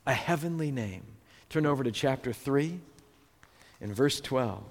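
Pastor, man, conversational sermon delivery with slow scripture reading, in a reverberant church hall. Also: a little high. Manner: conversational storytelling, scripture read slowly. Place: church sanctuary.

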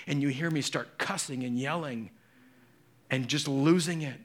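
Animated pastor preaching with acted-out quotes. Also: male voice, fairly high pitch, normal speed. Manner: dramatic storytelling, acting out voices in quotes. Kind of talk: sermon.

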